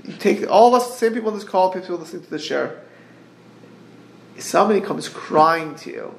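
A man giving a Torah class over a group call, earnest and halting, quoting Hebrew verses and translating them. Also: high-pitched, lively intonation, gravelly, fairly bright tone, echoey room, slight background noise. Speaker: Torah teacher. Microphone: group call line.

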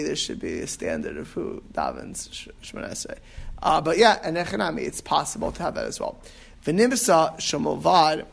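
A man's voice: on the high side, creaky, a bit bright, a little hiss or hum. A man teaching an informal class on prayer, rambling and restarting with emphatic asides. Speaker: rabbi teaching about prayer.

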